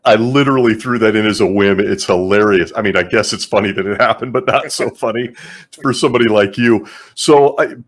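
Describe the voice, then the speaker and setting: Low-voiced enthusiastic male interview host. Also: brisk. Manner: enthusiastic, laughs along readily. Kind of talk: casual interview.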